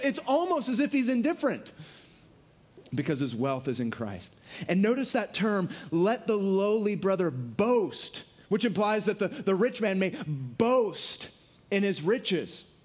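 A man preaching a sermon, lively and earnest, dropping his voice low for emphasis and acting out quotes. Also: normal speed. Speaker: pastor.

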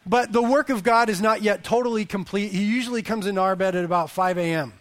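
A fast-talking pastor in his thirties with a high voice delivers a lively sermon sprinkled with family stories, his voice rising in volume for emphasis.

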